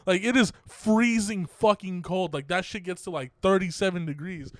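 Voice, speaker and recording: A young man co-hosting a podcast, recounting a story in loose, casual talk. His voice sits a bit high and sounds dry and close. He laughs often, swears freely and acts out the lines of the people in his story. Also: moderate pace, no room sound. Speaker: podcast co-host.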